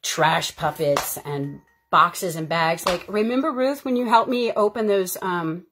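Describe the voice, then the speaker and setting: A woman's voice: fairly low pitch, unhurried, fairly bright tone, a little hiss or hum. A woman who is an actor, chatting casually on her live stream in a rambling, heartfelt way. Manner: rambling, heartfelt and chatty, with frequent fillers and bursts of laughter.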